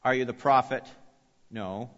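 A man's voice: medium pitch, measured pace, a bit bright. A man preaching an expository sermon, emphatic, repeating key phrases and putting questions to his listeners. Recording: long reverb, dull lo-fi sound.

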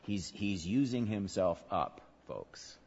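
A male pastor preaching a sermon, swinging from soft, low murmurs to loud, emphatic peaks. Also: animated, takes it slowly, slightly rough. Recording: dull sound with long hall reverb.

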